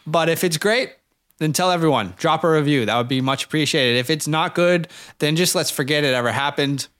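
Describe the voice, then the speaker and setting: A man co-hosting a casual fantasy football podcast, energetic and hype-building as he talks. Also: a little high, fairly quick, clear, resonant tone. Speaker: podcast co-host. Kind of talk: casual sports podcast chat.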